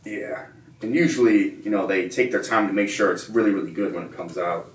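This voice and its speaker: A man co-hosting a casual protein bar taste test, reading out labels in a relaxed way. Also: sits low, fairly quick. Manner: relaxed, reads out nutrition labels. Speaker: co-host reviewing protein bars. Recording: roomy, mic at a distance, faint ambience.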